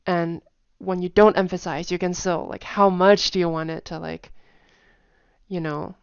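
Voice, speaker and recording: A woman's voice: lowish voice, fairly even intonation, measured pace, vocal fry, clear, resonant tone, no echo. A woman giving a casual spoken lesson, chatty with many fillers, repeating example phrases over and over. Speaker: language teacher. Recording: dull, dry home recording.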